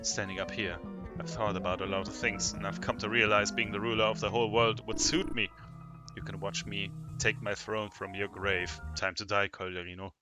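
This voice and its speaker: A man's voice: lowish voice, steady tone, normal speed, lightly acted. A man voicing an arrogant, bloodthirsty male evil knight from a game, boastful and taunting, over game music. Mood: gloating. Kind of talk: reading game dialogue aloud.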